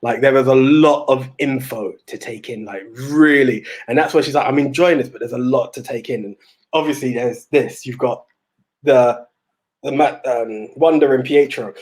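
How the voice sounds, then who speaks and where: At a moderate pace and in a mid-range voice, another young podcast co-host tells stories in casual conversation. He's animated and rambling, with many restarts along the way.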